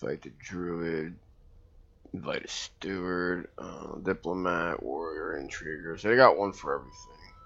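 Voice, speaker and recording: A man narrates his strategy game play in a casual let's-play, reading the text and thinking aloud, with the odd hiccup. His low voice moves at a measured pace, a bit bright with vocal fry, and the sound is lo-fi.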